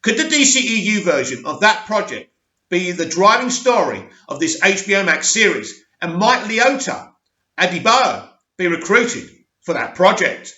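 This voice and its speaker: A young man hosting a channel, reading news articles aloud with opinionated asides and a slightly hoarse voice. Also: high voice, sing-song, moderate pace, bright, forceful tone. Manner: reads aloud, stumbles on names, adds opinionated asides. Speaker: host. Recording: roomy, slightly dull sound.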